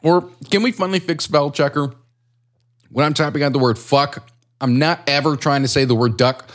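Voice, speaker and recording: A young man co-hosting a podcast in casual chat, rambling and swearing freely, poking fun at himself and laughing easily. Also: fairly high pitch. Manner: rambling, profane, self-deprecating, quick to laugh. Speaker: podcast co-host.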